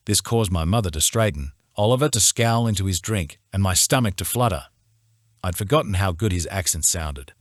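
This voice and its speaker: A man reads a romance novel in the first person with steady, measured storytelling. His voice sits very low. The studio recording is dry and close, with no room sound. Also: no room sound. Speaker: audiobook narrator. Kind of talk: scripted first-person narration.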